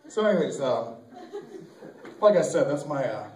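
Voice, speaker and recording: Animated man doing stand-up. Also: on the high side, moderate pace. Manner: loud, animated, acts out voices with shouts. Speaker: stand-up comedian. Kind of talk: stand-up routine. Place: small venue with live audience. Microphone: camcorder from far off. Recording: echoey amateur video from a distance.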